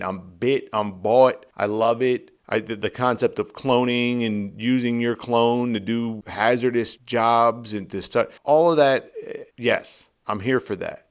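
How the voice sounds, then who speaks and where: A man hosting his own show, ranting to the camera in an animated, profane, exasperated way. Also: medium pitch. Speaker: host. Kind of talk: comedic rant to camera.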